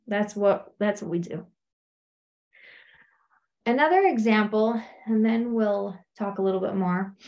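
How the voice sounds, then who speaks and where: A middle-aged woman speaking as a coach in a conversational teaching talk, often acting out what people say. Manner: conversational, acts out quotes in high animated voices.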